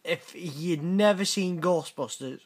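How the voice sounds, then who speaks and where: A British man in middle age hosts a casual reaction video, his voice sitting fairly high. He drawls unhurriedly through his points, blunt and sweary, with a teasing edge. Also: slow pace, husky. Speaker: channel host reacting to viewer messages.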